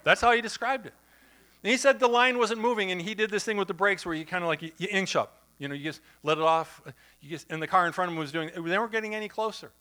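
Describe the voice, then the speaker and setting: A man preaching a sermon in church, telling a story in a conversational, animated way with asides to the congregation. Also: high-pitched, fast talker. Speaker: pastor.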